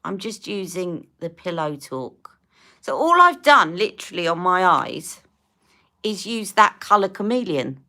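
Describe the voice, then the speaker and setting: Brief: woman, fifties, beauty livestream host; low-set but bright, chatty and rambling. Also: very animated, a little slow. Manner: chatty, rambling, answers viewers' comments. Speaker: beauty live-stream host. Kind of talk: casual chat while doing makeup.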